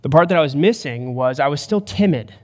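A male pastor preaches with an earnest, emphatic delivery, his voice sitting a little higher than most men's. The sound rings with a long reverb, as in a church hall. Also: expressive, brisk. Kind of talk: sermon. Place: church sanctuary.

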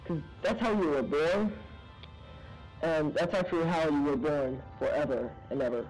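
A man giving rambling, goofy let's-play commentary on a low-quality mic, now and then breaking into excited high-pitched yelps. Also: moderate pace, soft background music. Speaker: gaming commentator. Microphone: low-quality microphone.

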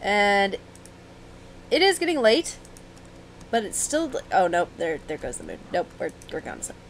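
A young woman giving casual, excitable commentary while playing a video game, with sudden yelps and running chatter. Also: mid-range voice, unhurried, gravelly, slight background noise, poor audio. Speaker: let's play gamer.

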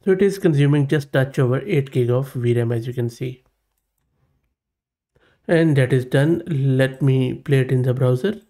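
A man hosts a tech walkthrough, talking casually and thinking aloud as he goes. His voice is mellow and gravelly, with a relaxed, mid-pitched tone. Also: normal speed. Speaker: tech channel host. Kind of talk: tutorial screen demo.

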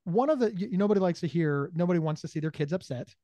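A bipolar disorder advocate answers interview questions conversationally, talking fast in a voice on the high side, with a dry recording. He animatedly acts out dialogue in shifting voices, often stumbles and repeats words at the start of sentences, and checks in by asking "right?"

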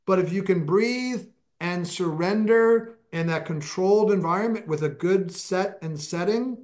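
Guy with a pretty high voice rambling through stories on a podcast, lively, speeds up then slows down. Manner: animated, anecdotal, speeds up and slows down. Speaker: podcast guest. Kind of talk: casual interview storytelling.

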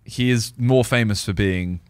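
A man co-hosting a podcast, chatting casually in an easygoing, expressive way. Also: fairly low pitch, measured pace, smooth, dry recording, studio quality. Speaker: podcast co-host. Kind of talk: casual chat.

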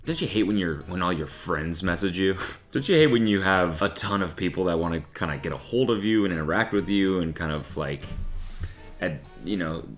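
A young man hosts a comedy show, reading posts and riffing with sarcastic, crude jokes. His voice sits low but jumps all over in pitch. He is recorded on a studio mic indoors. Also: animated, fairly quick, soft background music. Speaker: comedy podcast host.

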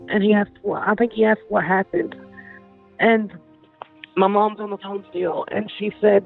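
A woman's voice: mid-range voice, steady tone, measured pace, gravelly. A woman, the victim's older sister, emotionally recalling events in an interview and repeating phrases as she goes. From Georgia, US. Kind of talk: interview recollection. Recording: tinny phone-line interview with music behind.

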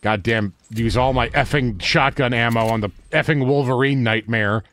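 A man giving casual gameplay commentary, animated and swearing, often shouting at the game and mocking himself. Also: medium pitch, normal speed, noisy background. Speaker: let's play host.

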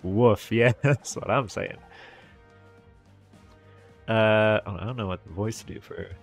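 A man with a low, gravelly voice giving offhand commentary on a game he is streaming. He jokes, swears and laughs his way through it. Faint game music runs underneath. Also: a little slow. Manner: joking, swears, laughs often. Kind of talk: casual gaming commentary.

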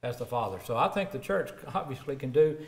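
A middle-aged man preaching a sermon, rising emphatic on scripture and dropping low and soft for stories. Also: animated, brisk.

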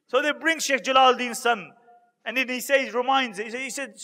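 Male preacher, storytelling sermon, high voice, long hall echo. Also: steady tone, fairly quick, bright, forceful tone. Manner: dramatic storyteller acting out quoted speakers. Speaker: Islamic preacher. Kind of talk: storytelling sermon to a live audience.

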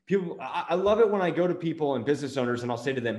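A middle-aged man hosting a motivational business talk, energetic, firing off rapid rhetorical questions. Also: a little high, roomy sound. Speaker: marketing agency owner and show host.

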